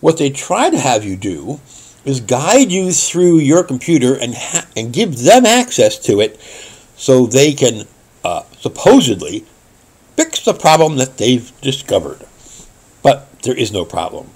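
Husky-voiced man on a lively rant. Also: medium pitch, unhurried. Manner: wry, indignant storytelling; earnest warning to viewers. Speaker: tech help show host. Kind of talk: ranting vlog monologue.

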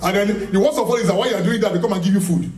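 A man's voice: sits high, racing, very noisy. A man preaching a charismatic sermon, emphatic and repetitive, asking the congregation questions and laughing as he speaks. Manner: emphatic, repeats phrases, rhetorical questions to the audience; laughs often while preaching. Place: church hall. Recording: echoey hall, mic from a distance.

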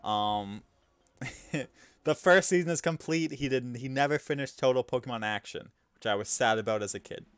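A young man streams his gameplay with casual, chatty commentary, poking fun at himself and laughing, swinging between mumbles and loud outbursts. His mid-range voice moves at normal speed, with a clean tone and a dry recording.

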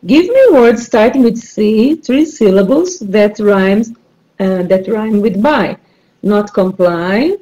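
A woman leads a rhyming word game as an online teacher. She speaks slowly in a mellow, warm voice, repeating clues with patient encouragement. The recording sounds dull and lo-fi. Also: medium pitch, animated.

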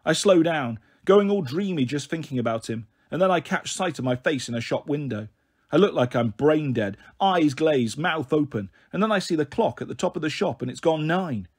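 A man reading a novel aloud in an expressive storybook style, giving voice to the characters' dialogue. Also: a little high, normal speed, husky. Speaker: audiobook reader.

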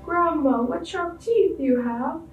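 A woman voicing a sweet, cheerful little girl in a storybook reading, with a high, soft, childlike way of asking questions. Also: measured pace, reverberant, far from the mic, faint music behind, low-quality recording. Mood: innocent.

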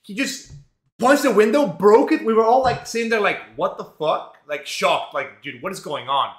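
A male streamer telling a rambling, profane story in a casual, animated way, full of fillers. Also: sits high, normal speed, reverberant.

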